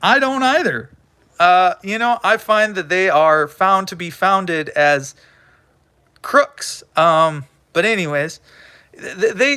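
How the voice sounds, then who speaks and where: A man hosts a loose, rambling live stream in a smooth, clear voice with a bright edge. He jokes around, stumbles over his words and chats to a coin as if it could answer back. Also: high-pitched, expressive, slow pace, no room sound. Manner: talks to a coin as if it were a person.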